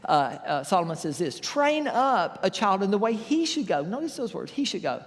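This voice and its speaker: A man's voice: high-pitched, very animated, normal speed, in a large hall. A man preaching a sermon as pastor, telling folksy stories and acting out the voices of the people in them. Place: church sanctuary.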